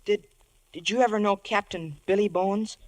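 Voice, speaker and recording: A man's voice: high-pitched, fairly even intonation, moderate pace, lightly acted, poor audio. A performer playing an eager, stammering young cabin boy in a 1950s radio drama. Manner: stammering, breathless.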